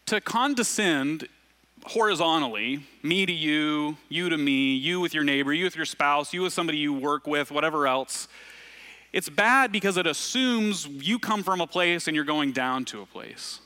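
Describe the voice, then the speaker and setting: Bright-voiced pastor from Arkansas. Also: male voice, on the high side, animated, moderate pace. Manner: self-deprecating storytelling with asides and laughs. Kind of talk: conversational sermon.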